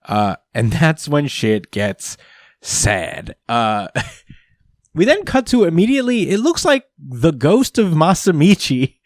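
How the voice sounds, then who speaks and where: A man's voice: a little high, very animated, takes it slowly, dry recording, studio quality. A man hosting a podcast, recapping a comic chapter in casual chat, rambling with many fillers and frequent chuckles. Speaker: podcast host.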